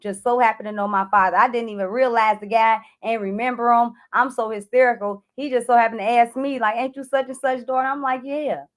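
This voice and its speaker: Her voice a little high and her pace a little fast with few pauses, the clarity coach animatedly addresses her "y'all" audience, reliving an emotional episode by voicing her desperate calls for help.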